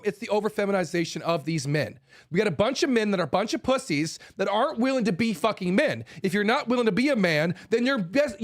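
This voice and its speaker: A man ranting heatedly and bluntly, swearing and repeating himself as he works himself up. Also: sits high. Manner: blunt, profane, repeats phrases, stumbles and restarts; fired up, forceful. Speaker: host.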